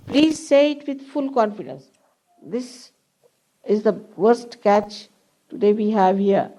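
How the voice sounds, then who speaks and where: An older woman leading a guided meditation at a public program, giving slow, deliberate instructions with long pauses. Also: on the high side, warm tone, poor audio. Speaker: meditation teacher. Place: public hall.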